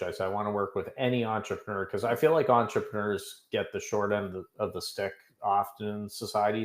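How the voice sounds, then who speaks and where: A man's voice: lowish voice, roomy sound. A middle-aged man from Canada, a guest in an interview, who tells stories in a chatty, self-joking way. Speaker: podcast guest, business coach. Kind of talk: casual interview talk.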